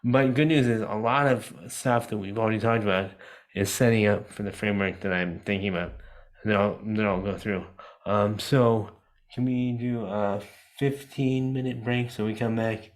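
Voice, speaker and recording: A man with a somewhat low voice teaches a class over a video call. His delivery is relaxed and conversational, full of fillers and restarts. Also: normal speed. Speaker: disability advocate teaching a class. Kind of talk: casual online lecture.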